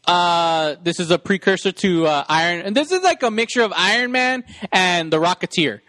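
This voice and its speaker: A man's voice: sits high, expressive, moderate pace, sharp tone, dry recording. A man co-hosting a podcast, chatting casually and rambling as he retells movie scenes. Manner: rambling, acts out quotes in voices. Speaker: podcast co-host. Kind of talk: casual chat about a movie.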